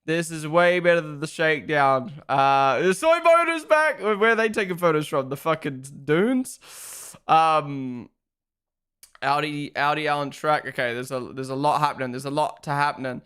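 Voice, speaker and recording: A young man talking casually to his live stream audience from a room at home. He is excitable and chatty and swears freely. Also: a little high, normal speed, clean tone. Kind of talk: casual live watch-along commentary.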